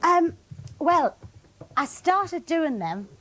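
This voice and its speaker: A woman's voice: extremely high pitch, drawn-out words, low-quality recording. A woman with a Geordie accent from Tyneside, a club entertainer reciting a comic dialect poem and chatting as a guest on a 1980 television show. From Tyneside, North East England. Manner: lively comic delivery in broad dialect. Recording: 1980 television studio recording.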